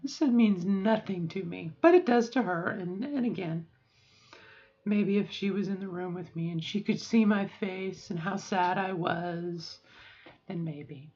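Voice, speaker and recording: A woman's voice: mid-range voice, a little slow, warm tone, highs cut off. A middle-aged woman talking frankly and emotionally in a rambling personal video diary, swearing now and then. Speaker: vlogger.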